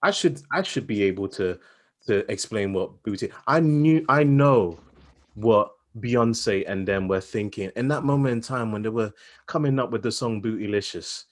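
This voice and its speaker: A man co-hosting a podcast in casual chat, animated and playful, given to comic exaggeration. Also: lowish voice, normal speed. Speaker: podcast co-host.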